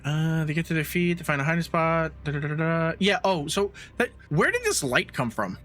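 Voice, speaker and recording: A man's voice: fairly high pitch, very animated, normal speed, a bit bright, faint music behind. A man co-hosting a podcast, recapping a bad movie's plot with sarcastic, blunt, swearing commentary. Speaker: podcast co-host. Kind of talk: casual movie recap chat.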